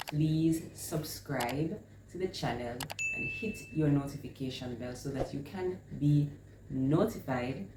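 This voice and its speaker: A woman's voice: rumbling low, mellow. A woman host teaching reading, explaining step by step and drawing out and repeating each sound she models. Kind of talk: instructional explanation. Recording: echoey room with faint noise.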